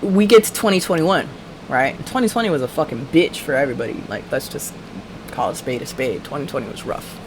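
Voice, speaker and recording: A woman's voice: low-pitched, expressive, fairly quick, a little hiss or hum. A woman hosting a livestream, telling a story in a casual, profane, ranting way. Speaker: livestream host.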